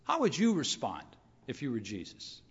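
A middle-aged man preaching a sermon in a conversational, measured way, asking rhetorical questions. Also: medium pitch, wildly swooping pitch, breathy edge. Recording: muffled sound in a reverberant hall.

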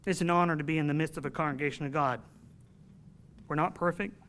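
Man, sermon, earnest, emphatic, slightly high-pitched, storytelling preacher. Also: steady tone, quick pace, fairly bright tone.

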